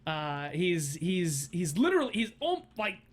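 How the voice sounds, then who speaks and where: Man, game master, tabletop game narration, fairly high voice, giggly, lots of ums and restarts. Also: big pitch swings, measured pace. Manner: giggly, rambling narration full of fillers.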